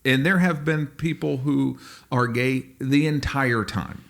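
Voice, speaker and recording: A man's voice: mid-range voice, a little slow, vocal fry. A man co-hosting a podcast in casual chat, joking and acting out quoted lines. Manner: animated, jokey, acts out quotes. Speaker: podcast co-host.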